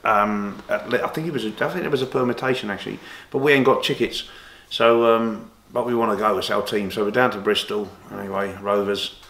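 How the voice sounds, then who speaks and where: A man's voice: lowish voice, a little fast, vocal fry, hardly any pauses, fairly bright tone, reverberant. A man, an interview guest telling long rambling stories with many restarts, livening up when he quotes others. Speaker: interview guest, former boxer and golfer. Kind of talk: casual storytelling interview.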